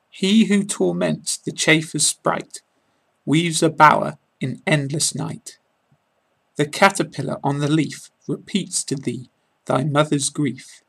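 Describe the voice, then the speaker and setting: A man hosts a podcast for learners, giving a slow, deliberate reading of a poem. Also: on the high side, creaky, fairly bright tone, slightly rough. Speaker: English teacher and podcaster.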